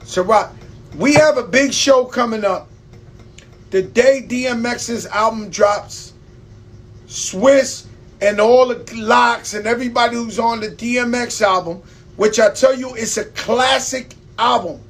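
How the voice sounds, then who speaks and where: A man's voice: extremely high pitch, a little slow. A man hosting a live stream, telling loose stories with swearing, laughs and a New York accent. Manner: loose storytelling with profanity and laughs. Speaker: host. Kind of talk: casual live-stream talk.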